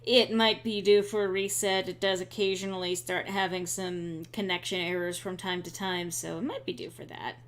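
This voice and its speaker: A woman's voice: on the low side, level tone, normal speed, hardly any pauses. A young woman streaming a game, chatting casually with sarcastic asides and frequent ums. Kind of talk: casual let's-play chat.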